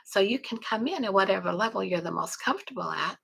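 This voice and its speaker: A middle-aged woman from South Texas with a Texan accent, chatting casually on a live stream, greeting viewers and pitching a webinar in a folksy way. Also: lively intonation, fast talker, vocal fry, fairly bright tone, husky, low-quality recording. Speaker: online marketing promoter.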